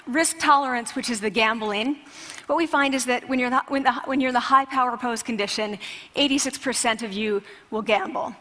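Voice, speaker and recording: Woman researcher on stage, fairly high voice, lively conversational delivery, big hall reverb. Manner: animated, conversational with restarts and asides. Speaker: researcher giving a talk. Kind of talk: public talk to an audience.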